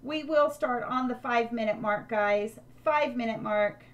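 A woman's voice: a little high, unhurried, highs cut off. An older woman live-streaming a game, chatting with viewers and thanking them by name.

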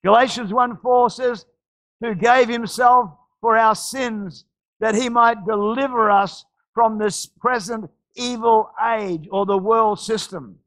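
Australian man preaching, high voice, dry close sound, repeats and restarts, exhorting. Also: slow, a bit bright, dry recording, low-quality recording. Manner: repetitive, exhorting, stammering restarts. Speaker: pastor. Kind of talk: sermon.

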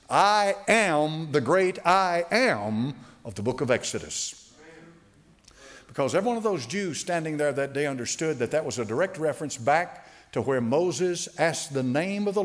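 A male pastor preaches with a lively, swinging pitch. He stretches out quoted scripture slowly for emphasis, and his everyday explaining is loose, with fillers and restarts. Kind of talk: sermon.

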